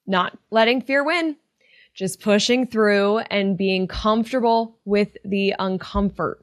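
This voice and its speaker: A woman's voice: mid-range voice, slow, dry recording, studio quality. A woman hosting a retail podcast, talking casually with earnest encouragement and open emotion. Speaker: podcast host and retail coach. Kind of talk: casual motivational podcast talk.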